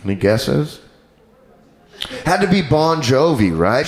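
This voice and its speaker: A man doing a stand-up comedy set on a club stage, animated and crude in his delivery. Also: mid-range voice, slow, creaky, pauses often, some chatter behind. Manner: animated, crude, jumps into character voices.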